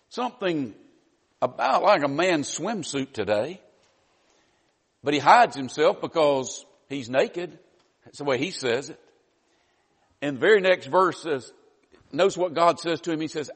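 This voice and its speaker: A man's voice: a little high, animated, slow pace, pauses often, slightly rough. A man preaching a sermon, teaching in a conversational way with wry asides. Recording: long reverb of a large hall.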